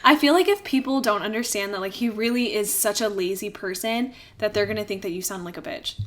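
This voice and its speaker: A young woman co-hosting a podcast in casual chat, reacting quickly, blunt and sassy. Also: medium pitch, fairly bright tone. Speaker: podcast co-host.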